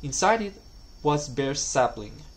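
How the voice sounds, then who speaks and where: A man's voice: a little high, sing-song, takes it slowly, low-quality recording. Man reading a children's story aloud. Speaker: school story reader. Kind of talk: scripted narration.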